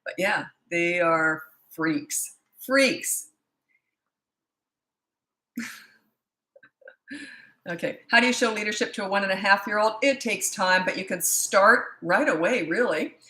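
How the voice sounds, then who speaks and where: A woman's voice: mid-range voice, normal speed, bright, forceful tone, echoey room. A woman in her sixties from Canada, a parenting coach answering viewer questions in a blunt, firm, opinionated way with rambling asides. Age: 60s.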